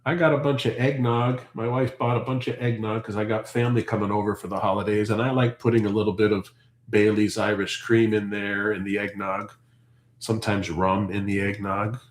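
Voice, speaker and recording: A man's voice: fairly low pitch, little pitch movement, fairly quick. Chatty Canadian man in an echoey room. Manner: talkative, rambling, answers viewer comments. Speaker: farm channel host. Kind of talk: casual live-stream chat. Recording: roomy echo.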